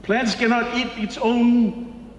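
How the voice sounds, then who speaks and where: High-voiced Samoan preacher in an echoey hall. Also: male voice, little pitch movement, a little hiss or hum. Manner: preaching in Samoan and English by turns, slow emphatic phrases. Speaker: pastor. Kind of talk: sermon. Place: large church hall. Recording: echoey hall with long reverb.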